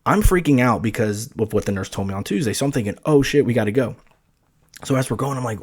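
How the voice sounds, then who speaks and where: A young man hosting a podcast, telling a story in a casual, animated way and acting out the quoted lines with big jumps in his voice. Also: mid-range voice, fast, breathy edge. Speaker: podcast host.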